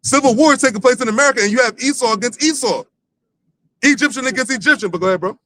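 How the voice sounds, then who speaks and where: A man's voice: very high voice, very fast, fairly bright tone, a little hiss or hum, rough recording. A man leading a livestreamed Bible teaching, talking loosely and profanely with many fillers and restarts. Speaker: lead teacher of a religious camp.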